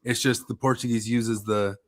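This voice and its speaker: A man co-hosting a casual podcast chat in an offhand, relaxed manner. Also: medium pitch, normal speed. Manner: relaxed, offhand, many fillers like "um" and "you know". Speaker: podcast co-host.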